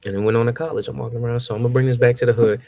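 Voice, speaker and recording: A young man tells stories in a relaxed chat. He acts out his old conversations, his voice jumping high as he plays them back. The sound is dry and close. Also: racing, vocal fry, no echo. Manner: animated, acts out his own past exchanges with rising pitch. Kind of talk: casual storytelling.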